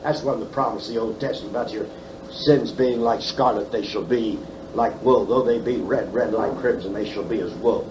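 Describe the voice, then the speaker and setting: A man's voice: on the low side, steady tone, fairly quick. Elderly man teaching the Bible emphatically. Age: 70s. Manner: emphatic, questioning, folksy humor. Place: conference hall. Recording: faint background noise, 1979 tape.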